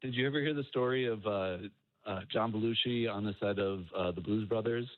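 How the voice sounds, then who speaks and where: A man calling into a radio show, telling a story haltingly with many fillers and chuckles. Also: lowish voice, no room sound. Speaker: radio caller. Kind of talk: casual phone-in chat. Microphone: telephone. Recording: tinny phone line.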